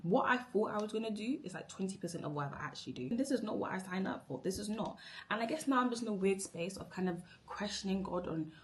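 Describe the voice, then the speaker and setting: A woman's voice: mid-range voice, animated, fast, slight background noise. A young woman venting about her job to camera in a rambling, exasperated way, repeating herself. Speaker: vlogger. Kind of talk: emotional work rant to camera.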